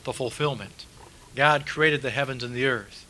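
A man preaching with a bright, forceful tone, pressing his points home with repetition and rhetorical questions. His voice sits in a middle range. A faint hiss runs under the recording. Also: medium pitch, normal speed, rough recording. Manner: emphatic, repeats key words, rhetorical questions. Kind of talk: sermon.

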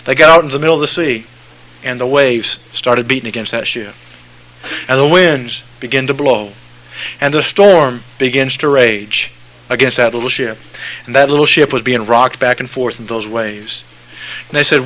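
A man preaching a sermon with repetitive, emphatic phrasing and folksy sayings, swinging from hushed lines to loud, high outbursts. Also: moderate pace, pauses often, poor audio.

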